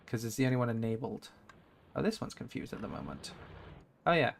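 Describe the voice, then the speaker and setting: Gravelly man mumbling through a game. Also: medium pitch, sing-song, a little fast, a little hiss or hum. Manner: rambling, thinking aloud with many fillers. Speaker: game streamer. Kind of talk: live gameplay commentary.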